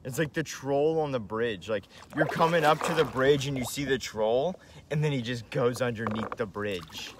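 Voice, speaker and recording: A young man talking casually on a live stream from a kayak on a river, slangy, swearing and excitable. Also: medium pitch, moderate pace. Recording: loud outdoor wind and water noise.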